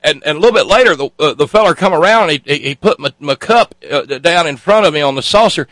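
A man's voice: a little high, lively intonation, quick pace, a bit bright, dry recording, poor audio. A man playing a drawling missionary. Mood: folksy. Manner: drawling, stumbling, tells tall tales. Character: folksy rambling male Southern missionary. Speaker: comic radio co-host.

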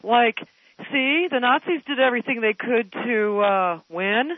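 A woman calling a radio show, speaking in a lively, indignant way. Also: on the high side, unhurried, phone-quality sound, noisy background. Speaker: caller. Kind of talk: casual phone call to radio show.

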